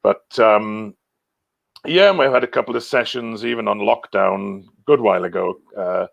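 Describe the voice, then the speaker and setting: A man from Wales talks in a loose, rambling way as a guest on a chat show. His voice sits low with a gravelly edge. He often trails off into half-finished phrases, and the sound is dry and close. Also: moderate pace, no echo, muffled recording. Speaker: guest singer. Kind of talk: casual chat.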